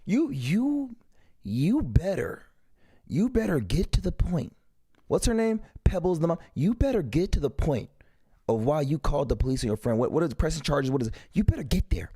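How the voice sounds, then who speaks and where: A man hosting a live stream, commenting loudly and emphatically, with frequent swearing. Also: fairly high pitch, sing-song, moderate pace, breathy edge. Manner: loud, emphatic, swearing, interrupting. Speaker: streamer host.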